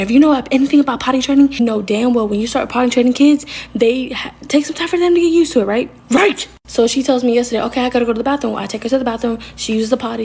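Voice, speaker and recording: A young woman with a slightly high voice tells a casual storytime to her viewers. She talks in an animated, dramatic way and turns to the audience directly. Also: slightly rough. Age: young adult. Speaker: storyteller vlogger.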